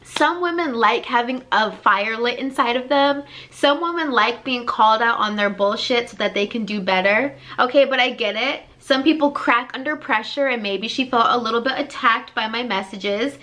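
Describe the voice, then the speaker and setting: A woman life coach speaks directly to the camera on her own channel, delivering a blunt, tough-love motivational talk full of energy and repetition. Her voice sits on the high side with a sharp tone, moving at a moderate pace with few pauses.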